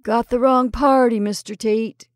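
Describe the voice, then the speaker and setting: A woman voicing a sheepish, anxious young man who talks in a hurried, apologetic way, in a dry recording. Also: medium pitch, animated, darkish tone, dry recording, close to an everyday voice.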